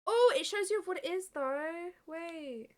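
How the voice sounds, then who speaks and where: A woman's voice: extremely high pitch, lively intonation, normal speed, a little mellow. A young woman chatting casually to viewers on a live stream, swearing freely and laughing often.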